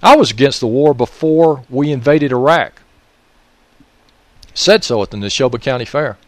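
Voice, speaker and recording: A man's voice: medium pitch, lively intonation, normal speed, no echo. A man with a Mississippi Southern accent, delivering an angry political monologue. He raises his voice, uses profanity and keeps scolding listeners with repeated questions. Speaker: political commentator.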